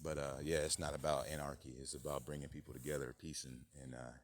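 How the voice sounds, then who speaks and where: A man's voice: level tone, quick pace, no room sound. A man hosting his own channel, talking in a rambling monologue full of fillers and sudden outbursts. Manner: rambling, many fillers, bursts into loud high-pitched mock voices. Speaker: channel host.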